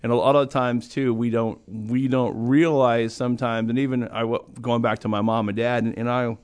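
A man's voice: mid-range voice, little pitch movement, normal speed, a little mellow. A middle-aged man talking casually as a host, rambling with restarts and fillers and chuckling now and then. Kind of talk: casual conversational chat.

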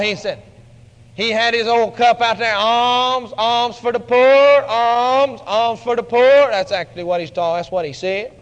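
Guy preaching, high bright voice, big dramatic storytelling, echoey hall. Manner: dramatic storytelling, rising to shouts. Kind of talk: sermon.

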